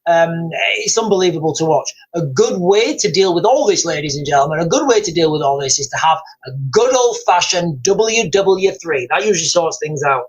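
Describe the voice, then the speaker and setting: A man's voice: on the high side, animated, fairly quick, few pauses. A man hosting a casual livestream, rambling and hesitant as he reads viewer comments aloud at a desk mic. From United Kingdom. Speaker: livestream host.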